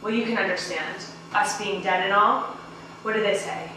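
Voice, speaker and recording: An actress playing a playful ghost woman who lectures breezily and turns hushed and hypnotic, in a stage play. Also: mid-range voice, steady tone, moderate pace, natural voice. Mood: lecturing. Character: playful dreamy ghost woman, self-styled genius. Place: small theater stage. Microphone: distant room mic. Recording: echoey stage from far off, hum.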